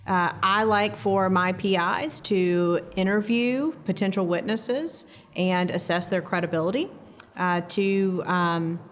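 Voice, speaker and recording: Measured woman attorney, lowish voice. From United States. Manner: measured, explanatory, frequent ums and uhs. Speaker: criminal defense attorney, guest. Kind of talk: professional legal education interview.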